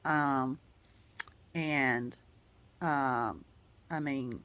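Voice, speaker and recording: A woman's voice: very deep voice, steady tone, very slow, a bit bright. Rambling heartfelt woman vlogger. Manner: rambling, heartfelt, many "you know" fillers. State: tearing up at times. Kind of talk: casual personal update.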